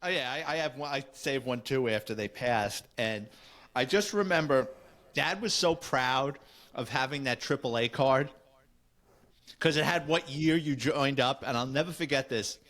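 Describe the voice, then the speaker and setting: Fifties male host from the Bronx, mid-pitched, casual storyteller. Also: moderate pace, a bit bright. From the Bronx, New York. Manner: reminiscing, storytelling. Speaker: podcast host. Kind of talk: casual chat.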